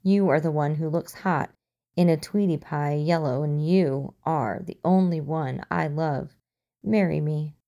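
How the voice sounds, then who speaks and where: A woman's voice: low-pitched, a little slow, dark tone, highs cut off. A woman voicing a drunk, sentimental, foul-mouthed young man with a theatrical delivery, in a storybook reading. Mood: mock-tender. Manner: theatrical, sweary.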